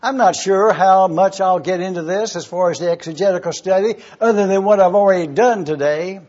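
A man preaching as a pastor in a Bible study, slow and deliberate, repeating key words. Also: high voice, a little mellow. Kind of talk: sermon-style Bible exposition. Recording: dull lo-fi recording.

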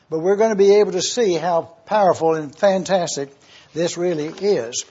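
A man teaches a sermon in a high, husky voice. He is emphatic and repeats his key points, spelling out terms letter by letter. The recording is dull and lo-fi. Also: darkish tone. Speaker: Bible teacher. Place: church or classroom with overhead projector.

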